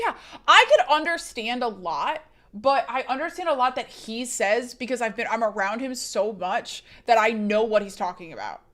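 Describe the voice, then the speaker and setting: Young female streamer, casual rambling chat, mid pitch. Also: a bit bright. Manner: chatty, reads chat aloud, rambling restarts.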